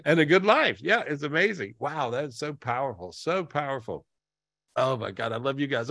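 A man's voice: on the high side, animated, moderate pace, gravelly, a bit bright, no room sound. Brief: emotional male podcast host on a video call, teary, rambling, dry close sound. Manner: rambling, repeats himself, emotional.

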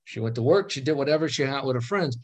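A man's voice: medium pitch, racing. A man casually telling a personal story on a video call, acting out the dialogue and laughing often. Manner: animated, acts out quoted dialogue, laughs often.

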